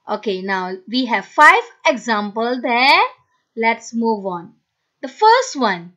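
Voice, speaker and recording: A woman's voice: a little high, big pitch swings, takes it slowly, bright, forceful tone. A woman teaching a phonics lesson to children, sounding out letters one by one, repeating each word and praising the students. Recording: dull lo-fi recording.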